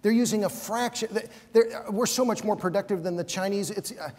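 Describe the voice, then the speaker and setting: A man's voice: high-pitched, a little fast, darkish tone. Fired-up man debating in a reverberant hall. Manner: combative, emphatic, stammers when worked up. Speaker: debate panelist. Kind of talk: conference debate argument. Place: conference hall. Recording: long hall reverb from a conference stage.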